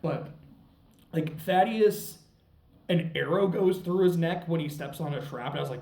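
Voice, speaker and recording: A man's voice: fairly high pitch, very animated, normal speed, mellow. Rambling young man with a roomy echo. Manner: rambling, laughing, lots of filler and cursing. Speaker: show reviewer. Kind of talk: casual review monologue. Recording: roomy echo, mic at a distance.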